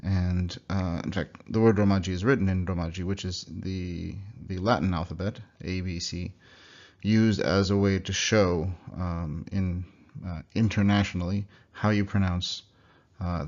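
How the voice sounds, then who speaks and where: A man with a low voice teaches a recorded slideshow lesson at an easy pace. He hesitates often and restarts his sentences. The sound is dull and lo-fi, as if from a basic computer mic. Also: normal speed. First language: English. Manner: relaxed, hesitant with many fillers and restarts. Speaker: language teacher. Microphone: computer microphone for a slideshow recording.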